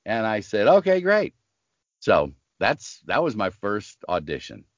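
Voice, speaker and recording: A man's voice: on the low side, a little slow, dry recording, highs cut off. An older man, a voice actor and smoker, telling stories in an interview and acting out the people in them. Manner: animated storyteller acting out quoted voices. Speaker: voice actor guest. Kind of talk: casual storytelling interview.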